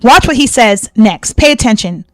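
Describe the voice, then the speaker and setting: A woman hosting a reaction channel delivers heated, confrontational commentary, indignantly repeating her points for emphasis. Her voice is a little high, expressive and fairly bright, at a moderate pace, with no echo.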